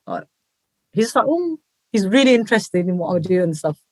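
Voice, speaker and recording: Energetic British woman, chatty guest. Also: on the low side, fast talker, no echo. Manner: energetic, animated, acts out quoted voices. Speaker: guest, dhol player and group founder. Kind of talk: casual interview chat.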